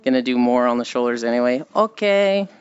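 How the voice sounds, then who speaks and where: A woman's voice: a bass voice, expressive, brisk, a little mellow, clear, resonant tone, dull audio, soft background music. A woman streamer chatting casually and rambling with frequent giggles while she walks. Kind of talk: casual chat while walking.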